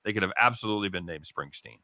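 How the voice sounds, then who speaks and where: Middle-aged male radio host, lowish, punchy, bright voice, profane and excitable, dry close mic. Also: racing, no room sound. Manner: profane, excitable, laughs loudly. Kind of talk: casual sports talk banter.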